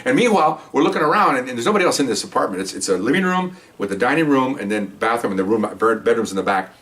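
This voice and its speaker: An older man who retired from the police talks very fast as he casually shares stories from his time on the force, addressing the camera. He acts out the quoted voices at a higher pitch with plenty of energy. The recording is distant.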